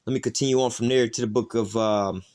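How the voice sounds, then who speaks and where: A man reads scripture aloud and explains it in his own loose street talk. He swears freely and leans on "all right" and "you know" to carry his points along. His pitch sits right in the middle for a man. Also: steady tone, fast, a little mellow. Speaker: Bible teacher. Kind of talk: informal scripture teaching.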